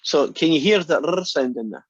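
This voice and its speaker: A man's voice: a little high, lively intonation, fairly quick, slightly rough, no room sound, dull audio. A Scottish man giving a math lecture in a classroom, chatty and often restarting his sentences. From Scotland.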